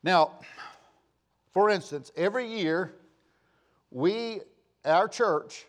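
A man delivers a sermon in a notably high voice, stern and insistent. He admonishes his listeners, repeating the same warnings over and over for emphasis. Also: takes it slowly. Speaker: pastor. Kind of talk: sermon lecture to a congregation.

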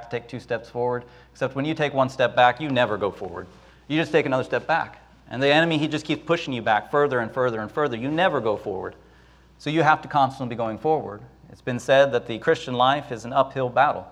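A man preaching a sermon who acts out the voices of the people and Moses, with dramatic rises and drops. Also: mid-range voice. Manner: dramatic, acts out Israelites and Moses in quick asides.

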